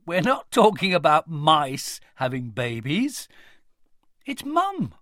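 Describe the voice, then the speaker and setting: A narrator doing an eager dad, loud and coaxing. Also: female voice, deep voice, big pitch swings, slow pace, no echo, clean studio sound, exaggerated voice. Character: eager, proud young father.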